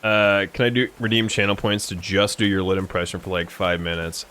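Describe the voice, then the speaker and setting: A man's voice: on the low side, animated, moderate pace, fairly bright tone. A man casually chatting and joking on a live stream while playing a game, sometimes breaking into song. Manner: joking, sings song snippets.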